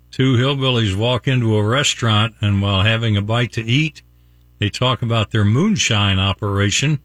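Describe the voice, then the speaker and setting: A man's voice: on the low side, moderate pace, a bit bright, no room sound, studio quality. A man hosting a radio morning show, reading jokes and birthdays in a jokey manner with lots of wordplay. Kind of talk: casual on-air banter and joke reading.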